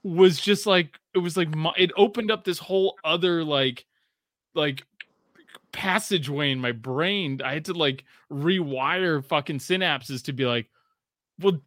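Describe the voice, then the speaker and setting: A man's voice: fairly high pitch, a little slow, no echo, clean studio sound. A man in casual chat, rambling and profane, full of fillers and restarts, voicing quotes as he tells stories. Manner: animated storytelling with voiced quotes.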